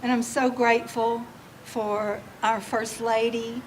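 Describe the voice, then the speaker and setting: A woman's voice: fairly high pitch, flat delivery, takes it slowly. Heartfelt woman giving a speech. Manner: heartfelt and emotional. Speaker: state agency official presenting awards. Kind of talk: public speech at an event. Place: public reception event. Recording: distant mic with faint background noise.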